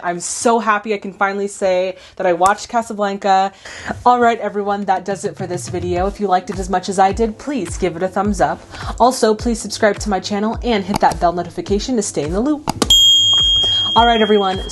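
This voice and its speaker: A young woman hosting a film reaction, talking in a gushing, excitable way full of "like"s. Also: medium pitch. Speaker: host reacting to a classic film. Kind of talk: casual reaction commentary.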